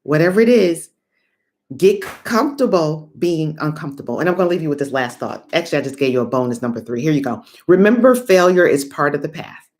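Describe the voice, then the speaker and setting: A middle-aged woman giving a lively motivational talk to online viewers, chatty and animated, calling them "y'all" and breaking into laughs and high whoops. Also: quick pace. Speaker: motivational speaker.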